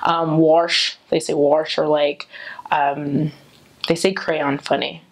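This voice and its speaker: A woman's voice: deep voice, flat delivery, slow pace, vocal fry. A young woman with a Long Island accent, telling casual stories with lots of fillers and restarts. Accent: Long Island New York. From Long Island, New York. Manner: chatty, hesitant with fillers and restarts. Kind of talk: casual storytelling.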